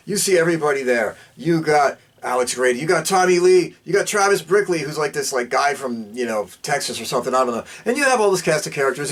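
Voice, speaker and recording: A man hosting a podcast, recapping a film plot in a casual, rambling way and swinging his voice up and down as he talks. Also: husky. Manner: excitable, rambling, jumps up and down in pitch; fast, loose delivery with fillers. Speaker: podcast host reviewing a film.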